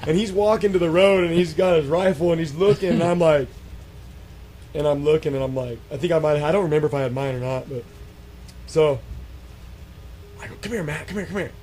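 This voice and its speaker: A man telling a spooky encounter story in a casual, animated way, acting out quotes with many fillers and restarts. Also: on the high side, brisk, long pauses, slight background noise. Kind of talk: casual storytelling on a radio show.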